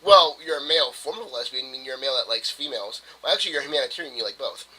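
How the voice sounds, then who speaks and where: A man's voice: mid-range voice, expressive, rapid-fire, sharp tone, a little hiss or hum, low-quality recording. A man co-hosting a casual podcast, arguing in a heated, profane, mock-lecturing way. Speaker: podcast co-host. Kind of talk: casual argumentative podcast chat.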